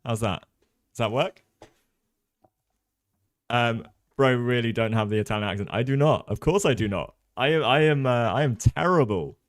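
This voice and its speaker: A man from Jersey, a chess streamer doing relaxed livestream commentary, chatty with many ums, reading chat aloud. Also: mid-range voice, moderate pace, no room sound, studio quality.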